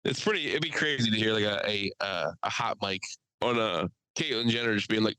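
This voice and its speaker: Podcast guy swearing a lot and telling stories, animated, dry close sound. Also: lowish voice, brisk, smooth, no room sound, low-quality recording. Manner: profane, animated storyteller. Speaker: podcast co-host. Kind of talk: casual chat.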